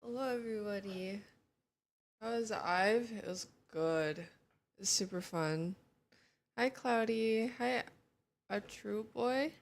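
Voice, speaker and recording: A woman's voice: medium pitch, slow pace, vocal fry, pauses often. A young woman streaming from home, chatting casually with her viewers in a sleepy morning voice and greeting them one by one. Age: young adult. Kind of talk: casual chat.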